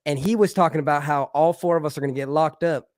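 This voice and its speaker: A man telling a story in a casual podcast chat, animated and profane, acting out the voices of the people in it. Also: a little high, fast talker, dry recording, studio quality.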